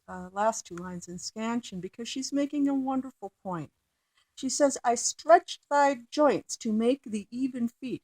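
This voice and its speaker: A woman's voice: medium pitch, a little mellow, dry recording. A woman teaching poetry, reading a poem aloud and then explaining its meter with frequent fillers and restarts. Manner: slow, halting, with many fillers and restarts. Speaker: literature teacher. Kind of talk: recorded lecture with poem reading.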